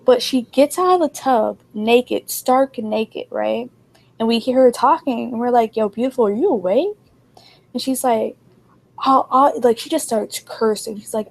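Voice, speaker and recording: A young woman co-hosting a casual chat, telling a wild story and acting out the people in it with her voice jumping up high. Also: normal speed, creaky. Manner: animated, acts out quotes in a raised voice. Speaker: podcast co-host.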